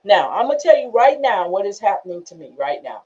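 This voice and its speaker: A woman's voice: sing-song, fairly quick, hardly any pauses, a little mellow, breathy edge, dull audio. A woman host reading a workbook aloud to listeners and talking it through in an earnest, emphatic way. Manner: earnest, emphatic, rising to high exclamations. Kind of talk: reading aloud and live discussion.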